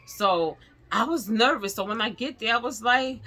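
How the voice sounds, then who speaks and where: A middle-aged woman tells her own story straight to her viewers in a vlog. Her voice is very bright and cutting, and she tells it animatedly, acting out what the other people said. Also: mid-range voice, animated, measured pace. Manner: acts out the others' lines in the story. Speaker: vlogger. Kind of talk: personal storytelling to camera.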